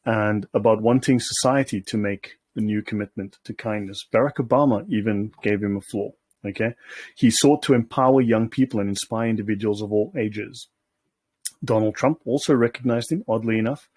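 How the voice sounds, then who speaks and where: Husky man in sardonic commentary. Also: lowish voice, normal speed, darkish tone, dry recording. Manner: sardonic, keeps checking in with "okay?". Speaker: host. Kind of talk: casual commentary while reading documents aloud.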